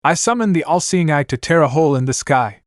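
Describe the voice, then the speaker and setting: A man voicing a confident teenage ninja boy in a read-aloud fanfic story, speaking in a steady, earnest way. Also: fairly high pitch, brisk, dry recording, clean studio sound, pitched above the performer's own voice, lightly acted. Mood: solemn. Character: confident teen ninja boy chanting spells.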